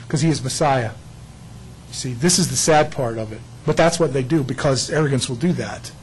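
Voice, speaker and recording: A man preaching a sermon, emphatic and animated, often voicing God's words in quick asides. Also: on the high side, slightly rough, rough recording. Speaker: pastor.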